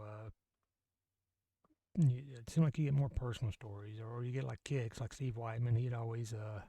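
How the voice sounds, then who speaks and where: A man's voice: medium pitch, dark tone, no echo. A man hosting his own vlog, chatting casually and rambling with many fillers. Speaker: vlog host. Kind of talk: casual chat.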